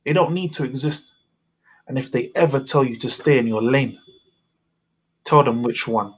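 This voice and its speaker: A man performing spoken word poetry at a virtual open mic, with measured, rhythmic delivery and heavy wordplay, heard over a video call. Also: mid-range voice.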